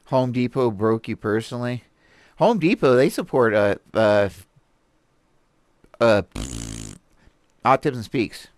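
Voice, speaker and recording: A man hosting a stream and reading articles aloud, rambling and animated, with many fillers, restarts and laughs. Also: mid-range voice, slow pace, pauses often, no room sound, studio quality. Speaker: host reviewing articles. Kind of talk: casual commentary on a live stream. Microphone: desk mic with a stream deck.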